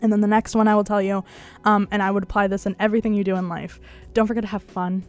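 Young woman, college radio news host, croaky voice, casual and chatty with frequent laughs. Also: medium pitch, level tone, fast, soft background music. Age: young adult. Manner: chatty, laughs often, fillers like "um".

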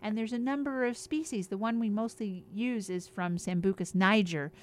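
A woman's voice: mid-range voice, fairly even intonation, normal speed. A woman on a regular show, talking in an upbeat, chatty way as she explains things and lists example after example. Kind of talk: casual explanatory health chat.

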